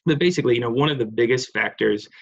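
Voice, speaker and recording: A man's voice: fast, vocal fry. A man giving an online clinical lecture over slides, rambling with many fillers, restarts and apologies. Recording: muffled, low-fidelity online session audio.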